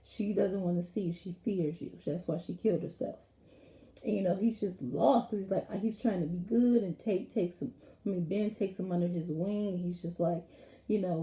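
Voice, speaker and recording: A woman casually recapping a TV episode in a rambling, animated way, acting out lines from it as she goes. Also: on the low side, normal speed. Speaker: TV episode reviewer. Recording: roomy echo.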